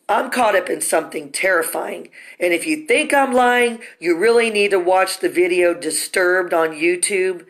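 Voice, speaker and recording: A woman's voice: medium pitch, a bit bright. Urgent, rambling woman filming herself. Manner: urgent, distressed, talks in run-on asides. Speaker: vlogger recounting personal ordeal. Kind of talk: rambling emotional monologue to camera. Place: inside an empty construction building.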